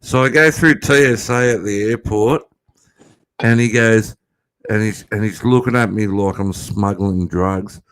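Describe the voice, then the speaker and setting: A man with an Australian accent in casual chat, talking fast and swearing freely. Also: fairly low pitch, a bit bright, smooth, dry recording.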